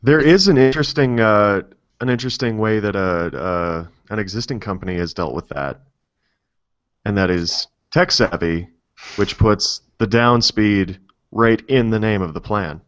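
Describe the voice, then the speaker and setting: A man's voice: on the low side, a little slow. A man on a tech podcast, chatting casually and teasing his co-host. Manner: joking, teasing banter. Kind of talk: casual chat. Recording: dull, lo-fi podcast audio.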